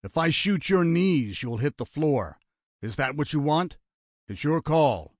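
A man voicing a matter-of-fact male gunman who gives firm, flat orders. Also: on the high side, measured pace, no echo, clean studio sound. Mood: commanding.

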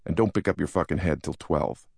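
Man voicing contemptuous young yuppie broker, gravelly, dry read. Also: deep voice, brisk, darkish tone, no room sound, exaggerated voice. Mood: curt. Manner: contemptuous, smirking. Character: sneering young male yuppie broker, disdainful.

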